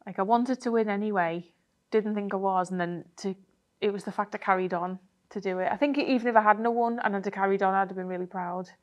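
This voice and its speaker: A woman's voice: mid-range voice, fairly quick, lo-fi sound. Chatty woman telling a race story. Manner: chatty, animated retelling with many fillers. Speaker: triathlete guest. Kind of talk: casual interview storytelling.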